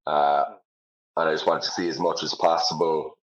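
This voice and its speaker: Deep-voiced Irish man, chatty. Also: flat delivery, moderate pace, lo-fi sound. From Ireland. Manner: chatty, self-deprecating, lots of fillers. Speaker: comedian guest. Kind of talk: casual interview chat.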